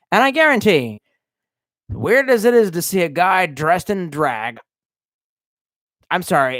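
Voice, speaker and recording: A man's voice: on the high side, a bit bright, no room sound. A man hosting a casual livestream, reading viewer comments aloud and answering in a crude, sarcastic rant. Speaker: livestream host reading chat.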